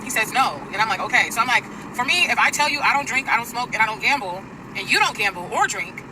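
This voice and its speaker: Fast-talking woman ranting over traffic. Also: on the high side, expressive, recorded from a distance. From US Pacific Northwest. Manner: fast, profane, exasperated. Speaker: storyteller in stitched clip. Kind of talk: casual storytime rant. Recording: street traffic noise behind.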